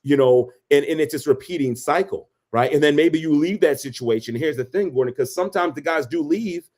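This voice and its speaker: A man co-hosting a casual advice podcast, speaking a little higher than most men. He preaches his points with emphatic repetition. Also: fairly quick, darkish tone. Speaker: podcast co-host.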